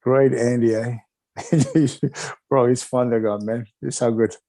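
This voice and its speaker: A man's voice: medium pitch, flat delivery, slow pace, mellow, no room sound. A middle-aged man from Wales, a retired wrestler, reminiscing in a rambling, chuckling way with lots of filler phrases.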